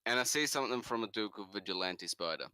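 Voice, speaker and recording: A young man from New Zealand, co-hosting a podcast, telling a story in casual, animated chat. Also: quick pace, clear, resonant tone, dry recording. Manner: animated, jumps into high shouts for quoted lines. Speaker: podcast co-host.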